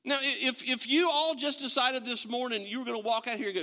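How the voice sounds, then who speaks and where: A man preaching a sermon to a congregation, animated and acting out the imagined voices of other people as he talks. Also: extremely high pitch, fast, hardly any pauses, big-room sound. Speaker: pastor.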